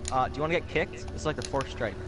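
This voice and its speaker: A man's voice: mid-range voice, fast talker, music in the background. A man from South America playing a game with friends, joking and laughing a lot. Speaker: player who built a parkour course. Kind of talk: casual gaming chat.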